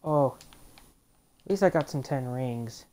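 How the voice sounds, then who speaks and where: A woman's voice: rumbling low, animated, a little slow, mellow. A woman doing casual let's play commentary, grumbling at the game in exasperation, with sudden outbursts.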